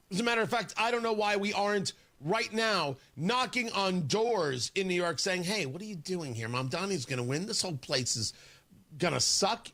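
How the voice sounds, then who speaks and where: A man's voice: sits high, a bit bright. Fired-up radio guy ranting on air, sarcastic, voice jumping all over the place. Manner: combative, sarcastic, mocking. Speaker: radio talk show host. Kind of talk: opinionated talk radio monologue.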